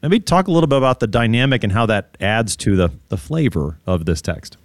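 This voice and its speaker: A man's voice: lowish voice, lively intonation, brisk, no echo, clean studio sound. A man hosting a conversational Bible study discussion, asking questions and explaining the grammar of the text. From United States. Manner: leads with questions, reads scripture aloud, explains grammar.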